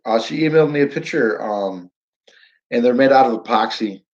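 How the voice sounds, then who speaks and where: A man's voice: mid-range voice, normal speed, low-quality recording. A man hosting a live stream, chatting casually with viewers, reading their comments aloud and repeating himself as he rambles.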